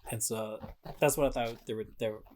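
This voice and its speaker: A man's voice: mid-range voice, steady tone, a little fast, a little mellow, slight background noise. A man co-hosting a casual podcast, talking through a video game with lots of fillers and laughs. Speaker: podcast co-host.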